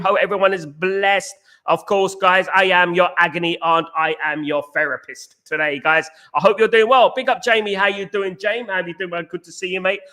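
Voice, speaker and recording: A man's voice: on the high side, sharp tone. A man hosting a casual football fan live stream, passionate and repetitive, often speaking straight to his viewers. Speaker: podcast host.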